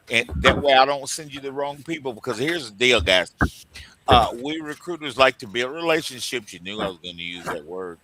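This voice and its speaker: A man's voice: medium pitch, lively intonation, brisk, sharp tone. A man from co-hosting a radio talk show on recruiting, joking and laughing often in casual chat.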